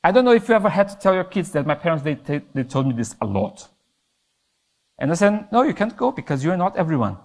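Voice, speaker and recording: Impassioned high-voiced male youth preacher. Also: big pitch swings, fast. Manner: impassioned, rises and falls in pitch for emphasis. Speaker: youth pastor. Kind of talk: sermon.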